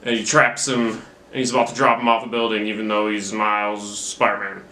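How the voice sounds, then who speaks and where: A man's voice: on the low side, little pitch movement, fairly quick, bright, forceful tone, a little hiss or hum. A young man giving a rambling, profane and self-mocking recap of a movie he just saw, talking into his camera at home. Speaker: movie reviewer. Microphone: camera mic. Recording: roomy camera-mic recording.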